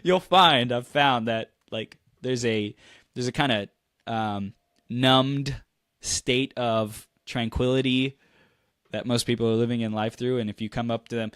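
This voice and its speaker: A young adult man coaching in a motivational monologue, energetic and animated, acting out people's reactions and laughing often. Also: mid-range voice, normal speed, no echo, clean studio sound.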